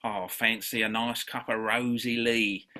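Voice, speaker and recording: A man's voice: medium pitch, level tone, a little slow, a crowd in the background, voice pushed down, lightly acted. A man putting on a chirpy mock Cockney bloke. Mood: cheeky.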